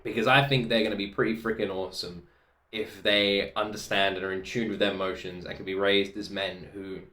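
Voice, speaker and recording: A man in his thirties hosting a reaction video, openly emotional and excitable, repeating himself in quick bursts. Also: fairly low pitch, roomy sound. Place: home room.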